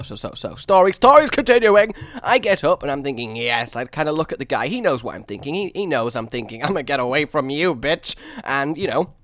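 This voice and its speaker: A man's voice: medium pitch, no room sound, studio quality. A man hosting a gaming video, telling a rambling, self-mocking story while he builds in a game.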